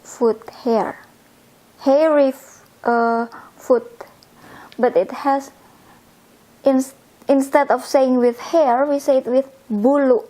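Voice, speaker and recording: A woman's voice: high voice, fairly even intonation, takes it slowly, pauses often, dark tone, low-quality recording. A woman with an Indonesian accent, a native Indonesian speaker, patiently explaining vocabulary in a casual video lesson and pointing to body parts as she goes. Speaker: language teacher.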